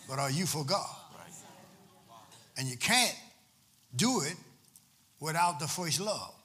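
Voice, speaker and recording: A man's voice: fairly high pitch, animated, moderate pace, pauses often, sharp tone. A man a sermon as pastor, repeating phrases for emphasis and drawing call-and-response from the congregation.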